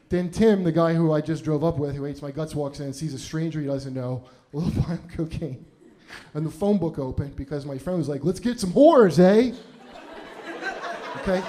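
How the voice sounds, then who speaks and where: A man's voice: on the high side, mellow. A male comedian and podcast host telling a rambling, profane personal story in casual chat, often laughing as he goes.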